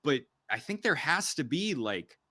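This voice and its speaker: A man's voice: a little high, very animated, unhurried, bright, forceful tone, no room sound, clean studio sound. A young man hosting a casual podcast conversation, talking emphatically and rambling with frequent restarts. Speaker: podcast host.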